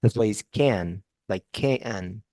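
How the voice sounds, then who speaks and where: A man's voice: lowish voice, slow, mellow, no room sound. A man giving a one-on-one English pronunciation lesson, explaining patiently and repeating example words, with frequent restarts. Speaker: English tutor.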